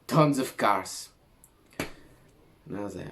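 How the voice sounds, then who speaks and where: Slow-talking young man, swearing storyteller. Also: medium pitch, slight background noise. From Greece. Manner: animated, swears a lot, slangy. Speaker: vlogger. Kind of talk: casual storytelling to camera.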